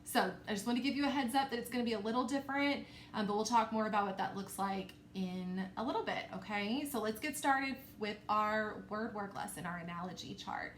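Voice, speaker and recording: A woman teacher leading a recorded phonics lesson for young children, stretching out words slowly and checking in with frequent okays. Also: mid-range voice. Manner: slow, exaggerated sounding-out of words. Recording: echoey room with faint noise.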